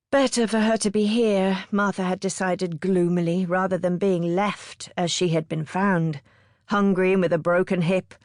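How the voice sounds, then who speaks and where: A woman narrating an audiobook in a measured storytelling manner. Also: fairly low pitch, no room sound, studio quality.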